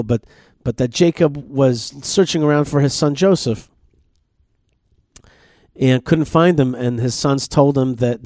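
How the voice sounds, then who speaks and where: A man's voice: mid-range voice, dark tone, no room sound, clean studio sound. A man, a rabbi and podcast host, giving a Torah teaching talk while thinking aloud with many restarts.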